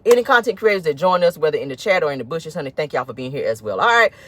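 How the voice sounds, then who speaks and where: A woman streaming celebrity gossip from her car, sassy and animated, calling her viewers honey and child. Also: deep voice, racing, a little hiss or hum. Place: inside a car.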